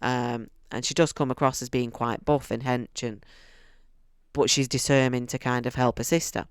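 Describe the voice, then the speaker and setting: A man's voice: medium pitch, fairly even intonation, normal speed, clean tone, no echo, studio quality. A man giving a casual, enthusiastic book review, chatty and often restarting his sentences. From United Kingdom.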